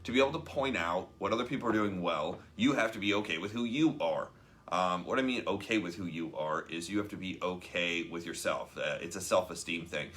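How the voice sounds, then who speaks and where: Male host, deep and punchy, casual book-discussion delivery, filler-heavy. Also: bright, forceful tone. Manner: loose and chatty, many ums, reads passages aloud. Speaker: show host.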